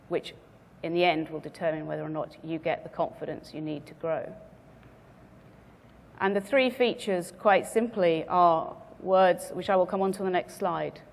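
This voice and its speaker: A woman speaker giving a measured business presentation to a conference audience, stressing her key words. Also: lowish voice, creaky, big-room sound. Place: conference venue.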